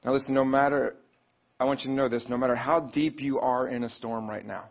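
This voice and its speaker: Fairly quick and steady in tone, with vocal fry, this male pastor is heard on a muffled recording. He preaches conversationally, asking his listeners questions and imitating pleading voices by raising his pitch.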